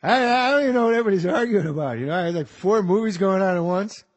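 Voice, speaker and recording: A man doing a raspy, theatrical movie-star actor. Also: high voice, animated, very fast. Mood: dreamy.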